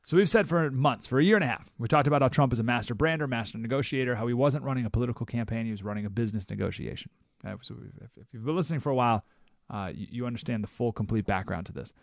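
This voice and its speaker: A man hosting a talk radio show, telling stories in a conversational, animated way with frequent asides. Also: mid-range voice, racing, creaky, no echo, clean studio sound.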